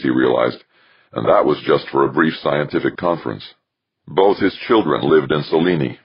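A man reading scripted audiobook narration at a steady, measured pace. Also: a bass voice, creaky, husky, dry recording. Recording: dull lo-fi recording.

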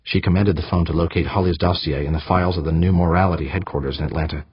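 A man narrating an audiobook in a measured, scripted way. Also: low voice, steady tone, slightly rough, no echo. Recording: dry, slightly dull audiobook recording.

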